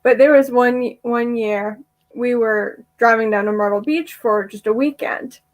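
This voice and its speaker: Young woman podcast cohost, high voice, lively storyteller, laughs alot. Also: measured pace, poor audio. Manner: animated storyteller, laughs often. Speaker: podcast co-host. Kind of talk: casual chat.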